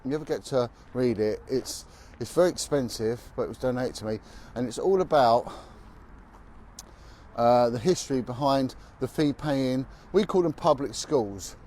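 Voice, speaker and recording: A man's voice: mid-range voice, moderate pace, a little mellow, a little hiss or hum. A man who is a former police officer, telling stories bluntly and with emphasis as he walks down a city street. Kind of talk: walking vlog monologue.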